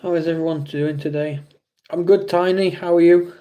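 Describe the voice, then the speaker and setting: A man's voice: on the high side, fairly even intonation, moderate pace, muffled recording. An English man hosting a casual livestream, reading viewers' chat aloud and answering with blunt, teasing remarks. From England. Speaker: livestream host.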